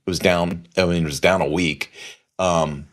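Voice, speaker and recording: A man's voice: sits low, steady tone, normal speed, fairly bright tone. A middle-aged man hosting a podcast, telling a long story in a casual, rambling way and repeating phrases for emphasis. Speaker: podcast host.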